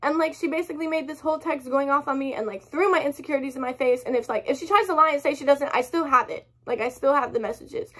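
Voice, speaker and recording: Young woman vlogger, high voice, upset rambling storytime rant full of swearing. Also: fast, hardly any pauses, bright, forceful tone. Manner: rambling, heavy swearing, apologizes often. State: upset, close to tears.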